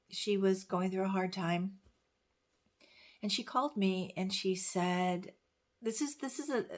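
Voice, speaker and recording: A woman speaking about grief to her viewers in an earnest, gentle way, reading a poem aloud and often dropping to a soft whisper. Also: medium pitch. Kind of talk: heartfelt talk to camera with a poem read aloud.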